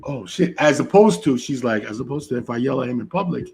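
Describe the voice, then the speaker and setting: A man's voice: medium pitch, expressive, quick pace, gravelly, crowd noise. A man co-hosting a podcast, chatting casually about relationships and telling stories with frequent "right?" asides. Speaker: podcast co-host.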